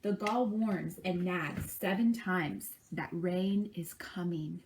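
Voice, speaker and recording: A woman's voice: on the low side, takes it slowly, a little mellow, slight background noise. A woman reading a picture book aloud to children at a library, stopping to chat and imitate bird calls with them. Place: library program.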